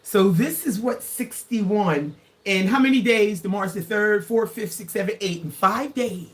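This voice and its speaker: A woman's voice: medium pitch, a little slow. A woman about to turn sixty-one, chatting playfully with viewers on a casual livestream and laughing often. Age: 60s. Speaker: livestream host. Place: indoors, live from Grenada.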